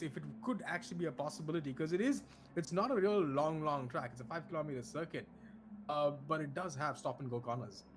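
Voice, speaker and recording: A man's voice: a little high, quick pace, background noise. A man commentating an online racing event, chatty and full of restarts. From India. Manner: chatty, many restarts, laughs easily. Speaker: esports race commentator. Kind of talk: live race commentary.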